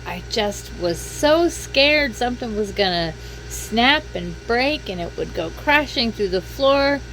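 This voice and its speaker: A woman's voice: on the high side, animated, unhurried, a bit bright, slight background noise, rough recording. Upbeat woman narrating a boat refit. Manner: upbeat, chatty. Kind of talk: voice-over narration.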